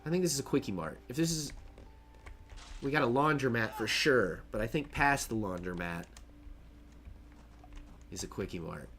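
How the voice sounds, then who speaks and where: A man's voice: medium pitch, animated, moderate pace, pauses often, a bit bright. A man casually narrating his own gameplay on a stream, chatty, joking and laughing to himself as he plays.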